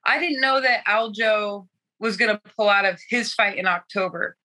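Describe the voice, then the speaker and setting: A woman's voice: medium pitch, moderate pace, pushed and bright, rough recording. A young adult woman fighter telling her story candidly in a casual interview, laughing often and swearing freely. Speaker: guest fighter.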